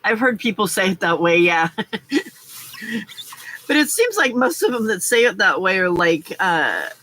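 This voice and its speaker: A woman hosting a casual live crafting stream, chatty and quick to laugh as she reads out viewer comments. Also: medium pitch, very animated, sharp tone, low-quality recording.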